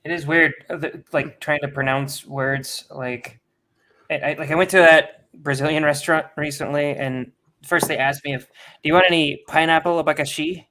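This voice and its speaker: A man with a bright, slightly high voice chats casually on a podcast. He tells lively, profane stories and acts out other people's lines. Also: moderate pace. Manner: animated, profane storytelling with acted-out quotes. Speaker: podcast co-host. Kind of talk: casual chat.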